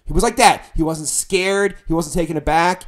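Speaking at a moderate pace in a slightly high voice, a middle-aged musician tells a story about his band during casual podcast talk. He's animated, swears a lot, and reenacts his own shouting.

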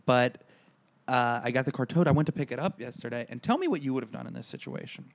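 Man, podcast co-host, casual storytelling, self-deprecating, rambling, mid-pitched voice. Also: expressive, fast talker, creaky.

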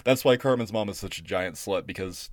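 A man co-hosting a podcast, rambling and profane, getting animated when he retells stories. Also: sits low, brisk. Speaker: podcast co-host. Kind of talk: casual chat.

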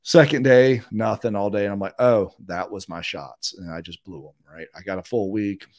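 A middle-aged man speaks in a low voice as a guest on a casual podcast. He tells his story with energy and acts out the lines of the people in it. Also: normal speed. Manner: animated, acts out quotes of others. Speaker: interview guest.

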